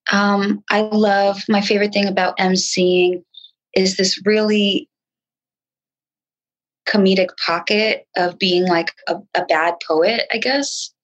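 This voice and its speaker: A woman from New York, a rapper talking in a casual interview, with a nasal voice and halting speech full of restarts. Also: fairly even intonation, muffled recording. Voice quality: nasal, sometimes high-pitched. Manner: frantic, halting speech with many restarts and fillers. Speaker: rapper guest.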